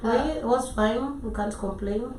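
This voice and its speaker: A woman with a raspy voice co-hosting a casual talk show, teasing and chatty. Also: on the high side, unhurried, darkish tone. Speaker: co-host. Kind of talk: casual radio chat. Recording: echoey, distant, noisy.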